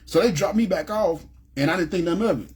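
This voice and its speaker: Fast-talking husky man telling his story. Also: high-pitched, a little mellow. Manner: conversational, acts out quoted speech, frequent "you know what I'm saying". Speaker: man giving a personal testimony. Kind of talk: personal storytelling.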